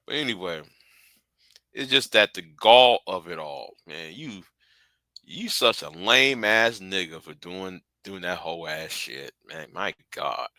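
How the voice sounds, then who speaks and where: Man, angry livestream rant, very bright sharp voice, dry close sound, profane, stumbling repeats. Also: low voice, expressive, a little slow, no echo, low-quality recording. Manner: heated, profane, repeats and restarts words. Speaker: livestream host.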